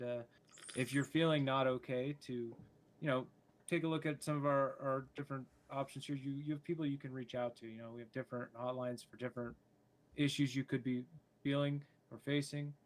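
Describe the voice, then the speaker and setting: A man co-hosting a casual online news chat over a remote call, questioning and earnest. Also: medium pitch. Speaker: podcast co-host.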